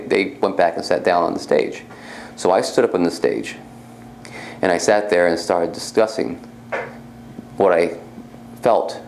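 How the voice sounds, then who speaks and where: Low gravelly man telling a story. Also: darkish tone, slight background noise. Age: young adult. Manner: casual, rambling, repeats himself. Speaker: psychic medium. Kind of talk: personal storytelling.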